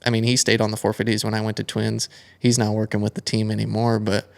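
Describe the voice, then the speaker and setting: Gravelly young man telling a long story. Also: on the low side, fast talker. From United States. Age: young adult. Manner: rambling, animated storytelling with many fillers. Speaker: guest, flat track racer. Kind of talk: casual storytelling interview.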